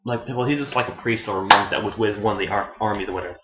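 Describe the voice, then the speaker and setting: A man's voice: racing, heavy background noise. A man giving a casual, rambling anime review, often correcting himself and swearing as he goes. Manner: meandering, self-correcting, profane; acts out characters in shrill voices. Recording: echoey room, dull lo-fi sound.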